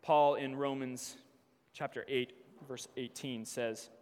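A man delivers a sermon in a church, reading scripture at a measured pace before pressing his points with growing fervor. His voice sits at an ordinary pitch, and a long reverb trails each phrase through the hall. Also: fairly even intonation, darkish tone, clear, resonant tone. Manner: reads scripture slowly, then preaches with rising intensity. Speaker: preacher.

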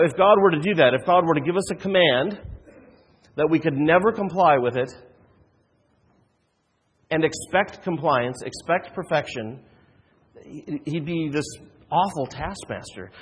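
A man's voice: a little high, husky, in a large hall. A man preaching a sermon as a pastor, earnest, with frequent restarts and rhetorical questions.

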